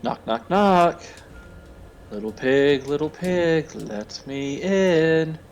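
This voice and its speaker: A game master voicing a taunting, muffled visitor knocking at a door, slow and sing-song. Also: expressive, darkish tone, a little hiss or hum. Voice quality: high-pitched, muffled.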